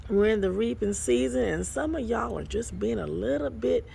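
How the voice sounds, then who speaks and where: A woman's voice: a little high, animated, moderate pace, gravelly, mellow, slight background noise. A woman apostle giving a casual devotional talk to her phone camera outdoors by the water, folksy and exclamatory, calling listeners honey and y'all. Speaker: apostle and ministry overseer. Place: outdoors by water behind an apartment complex. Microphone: phone camera, self-filming.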